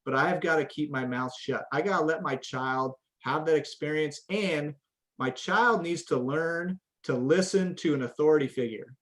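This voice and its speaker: Here the same kind of speaker, a middle-aged coach and parent educator, talks at a moderate pace in a fairly bright, higher-pitched voice. He answers interview questions with earnest, conversational sincerity, frequently restarting his sentences and repeating their opening words.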